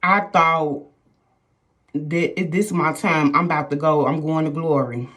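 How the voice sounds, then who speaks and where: A woman's voice: low-pitched, fairly even intonation, unhurried, fairly bright tone. A middle-aged woman vlogger telling viewers a personal story in casual chat, emphatic and repetitive, often calling them "y'all".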